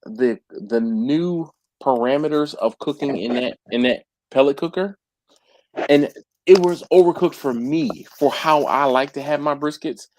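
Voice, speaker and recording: In a casual live group chat, a man who runs a barbecue channel and does BBQ catering tells stories, acting out his customers' messages. His mid-range voice moves at a measured pace with a darkish tone, over slight background noise. He leans on slang like "yo," "fam," and "dog."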